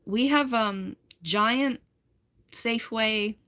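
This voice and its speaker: A woman's voice: fairly high pitch, extremely slow, a bit bright. A young American woman chatting casually on a livestream, rambling and laughing as she answers her chat. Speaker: livestream host.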